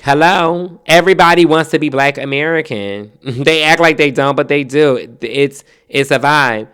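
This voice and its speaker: Speaking smoothly at a moderate pace, this Trenton, New Jersey podcast host has a Jersey accent and a voice on the high side. His casual storytelling monologue is animated and profane, peppered with laughter and mimicked accents.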